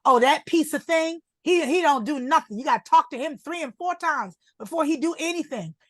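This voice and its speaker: A woman's voice: high-pitched, a little fast, no echo, studio quality, pitched above the performer's own voice, natural voice. A woman voicing a Black mother who belittles her son to shield him, in a grumbling, dismissive manner.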